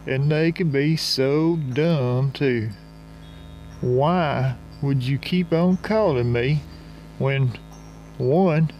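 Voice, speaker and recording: Slow, folksy man narrating a comic story. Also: a little high, expressive, lo-fi sound, faint music behind. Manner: folksy rural slang, drawling and unhurried.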